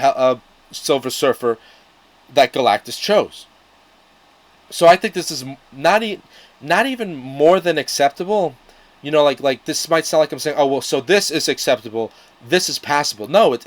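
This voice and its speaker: A young man rambling in a casual vlog, full of fillers, restarts and the odd swear word. His voice sits a little high for a man. He sounds a touch out of breath. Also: lively intonation, normal speed, rough recording. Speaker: YouTube comics reviewer.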